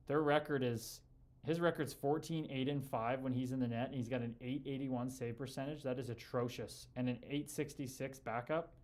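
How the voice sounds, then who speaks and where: A relaxed man talking loosely to his livestream audience at a middle pitch. He greets viewers like old friends, tossing in dude and brother as he reads their comments aloud. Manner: laid-back and chummy, calls viewers brother and dude. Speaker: livestream host and former hockey player.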